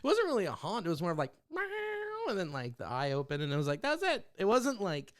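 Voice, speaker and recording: A man's voice: fairly high pitch, very animated, quick pace. A man, a comedian guest on a podcast, telling a story in casual chat and acting out the other people's voices.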